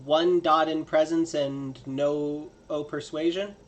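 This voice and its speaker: A man's voice: fairly high pitch, steady tone, slow pace. A man playing a tabletop game, joking and walking through dice bonuses. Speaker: player. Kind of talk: casual tabletop game chat.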